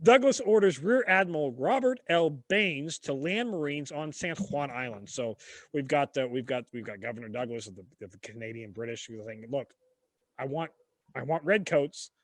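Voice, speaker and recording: A man co-hosting a casual history podcast, telling the story in an animated, profane way with sudden shouted bits. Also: mid-range voice, moderate pace, no echo. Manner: animated, swearing, jumps into shouted impressions. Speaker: podcast co-host.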